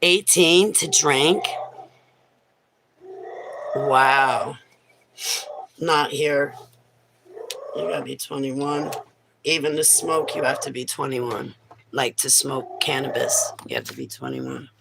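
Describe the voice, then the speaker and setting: A man's voice: mid-range voice, fairly even intonation, takes it slowly, gravelly, pauses often, noisy background. A man vlogging casually from a cluttered room at home on a handheld phone, rambling and cooing baby talk to his pets. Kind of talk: casual home livestream chat. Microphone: handheld phone camera.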